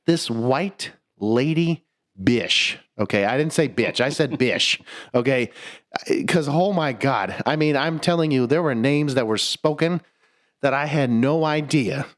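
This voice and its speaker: A man's voice: medium pitch, a little slow. A young man co-hosting a podcast, telling a story in casual chat, swearing freely, laughing mid-sentence and restarting his words. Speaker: podcast co-host.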